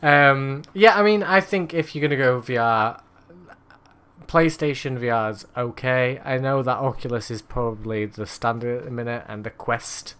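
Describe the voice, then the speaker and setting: A man co-hosting a casual gaming podcast, chatting in a relaxed, rambling way. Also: medium pitch, moderate pace, clear, resonant tone. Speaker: podcast co-host.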